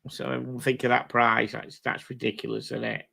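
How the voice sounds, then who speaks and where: A man's voice: mid-range voice, flat delivery, fairly quick, vocal fry, sharp tone, breathy edge. A British man hosting a live stream, chatting casually with viewers in a blunt, sweary way. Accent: British English. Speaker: livestream host. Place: home streaming setup.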